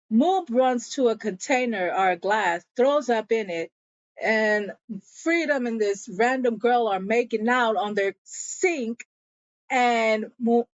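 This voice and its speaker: A woman with a slightly high voice recaps a TV episode at a slow, easy pace. She tells it as chatty storytelling and keeps dropping into what each character said. The recording is dry and a bit dull, as if on lo-fi gear. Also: no echo.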